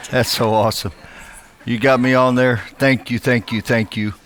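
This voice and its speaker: A man's voice: medium pitch, steady tone, measured pace, a bit bright. A middle-aged man giving a chatty motivational church talk, greeting people by name. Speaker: guest speaker.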